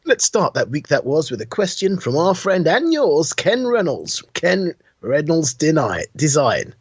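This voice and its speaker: A man's voice: on the high side, wildly swooping pitch, a little slow, husky. A man co-hosting a casual podcast, teasing and jokey in the way he talks. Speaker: podcast co-host. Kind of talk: casual chat. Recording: dull lo-fi podcast audio.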